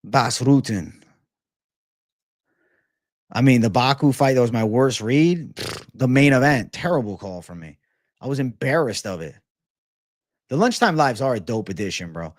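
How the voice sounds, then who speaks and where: A man's voice: mid-range voice, expressive, moderate pace, long pauses. A man hosting a fight-sports livestream, talking to chat in a loose, slangy, swear-heavy way. His energy runs hyped and jokey. The sound is dry and close, with almost no room echo. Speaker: MMA livestream host.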